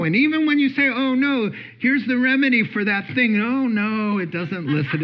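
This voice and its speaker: A man preaching a sermon in a church, animated, acting out the anxious voices of his listeners and chuckling between points. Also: a little high, lo-fi sound. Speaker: pastor.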